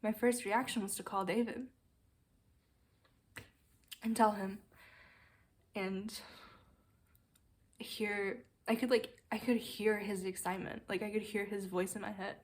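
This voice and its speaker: Candid young woman, halting video diary. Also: mid-range voice, fairly even intonation. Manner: candid, halting, with many fillers and restarts; emotional, near tears. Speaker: vlogger recovering from a brain injury.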